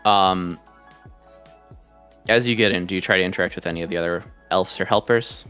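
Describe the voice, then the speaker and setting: Man, game master, low voice, rambling narration, faint music behind. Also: a little fast, a bit bright, clear, resonant tone. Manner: loose, rambling, chatty.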